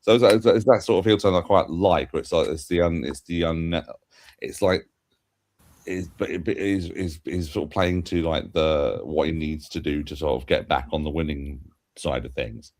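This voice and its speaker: A man's voice: a bass voice, normal speed, darkish tone, no room sound. A man co-hosting a podcast in casual chat, hedging and hesitant, with many fillers, heard through a video call mic. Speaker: podcast co-host.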